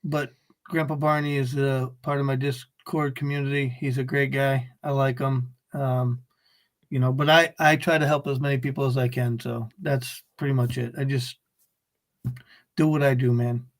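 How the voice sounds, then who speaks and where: A man co-hosting a casual live stream, laid-back and quick to laugh. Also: mid-range voice, flat delivery. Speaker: co-host trader.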